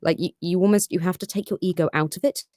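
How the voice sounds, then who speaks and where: A British voice actress chats at speed from her home recording setup, critical of her own work. Her voice sits low for a woman and sounds dry and close-miked. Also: steady tone, dark tone, no echo. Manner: fast-talking, self-critical. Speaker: voice actor. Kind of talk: casual chat. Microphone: home recording setup with headphones.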